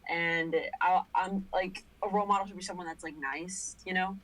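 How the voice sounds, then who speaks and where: Young woman, podcast guest, hesitant, lots of fillers, somewhat low voice. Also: fairly even intonation, normal speed, a bit bright, poor audio. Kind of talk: casual podcast chat.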